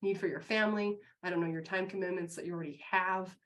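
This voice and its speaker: A woman's voice: steady tone, fast talker, a bit bright, dull audio. A woman co-hosting a live business show, giving an upbeat, encouraging motivational talk to an online audience. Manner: upbeat and encouraging, bursts high acting out quotes.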